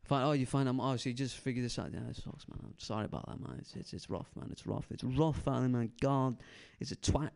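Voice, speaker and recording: A man's voice: medium pitch, fast talker, vocal fry, few pauses, a little mellow, clean tone. A man in his twenties doing stand-up crowd work on a club stage, with a laid-back, rambling drawl that trails off and keeps tacking on "man". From San Francisco Bay Area. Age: 20s.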